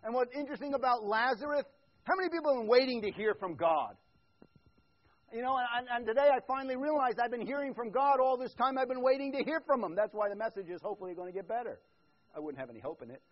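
A man preaching a conversational sermon as pastor, shifting from quiet asides to loud, emphatic build-ups. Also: very high voice, quick pace, highs cut off.

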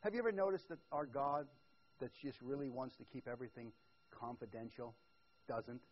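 A man preaching a conversational sermon as pastor, shifting from quiet asides to loud, emphatic build-ups. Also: mid-range voice, sing-song, a little fast, highs cut off, a little hiss or hum.

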